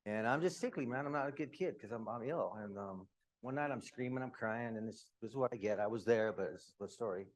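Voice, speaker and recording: A man in his fifties from Utah, candidly telling his own life story to a room, with quick asides. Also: mid-range voice. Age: 50s. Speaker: speaker. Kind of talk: personal story talk.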